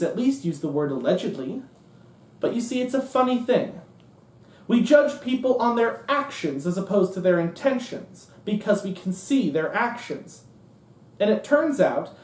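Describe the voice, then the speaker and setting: A profane, sarcastic monologuist working a theater stage, their voice leaping in a highly animated range. The sound is roomy and caught from some distance away.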